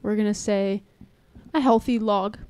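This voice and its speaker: A woman's voice: mid-range voice, steady tone, unhurried, darkish tone, clean tone. A woman co-hosting a podcast, laughing, swearing and reading out prompts in casual chat. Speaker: podcast co-host.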